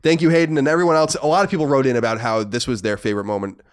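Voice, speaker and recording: A man's voice: mid-range voice, smooth. A man hosting a podcast in casual chat, reading out listener letters with wry, wordy asides. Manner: fast, animated, wordy and wry. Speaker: podcast host.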